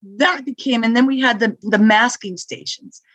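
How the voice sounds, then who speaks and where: A woman who manages hospital security, chatting as a podcast guest and telling stories with lively acted-out quotes. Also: on the high side, moderate pace, no echo, low-quality recording. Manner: lively storyteller who acts out quoted exchanges. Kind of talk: casual interview chat.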